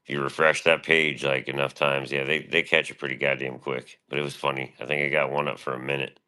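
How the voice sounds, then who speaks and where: A man's voice: a bass voice, flat delivery, fairly quick, pushed and bright, clear, resonant tone. A man streaming, talking in a rambling, boastful, swear-filled monologue.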